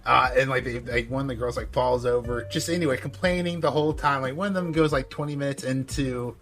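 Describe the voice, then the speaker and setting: A man co-hosting a podcast in casual chat, rambling and animated, with lots of filler words. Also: medium pitch, fast talker. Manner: rambling, animated, heavy use of "like". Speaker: podcast co-host.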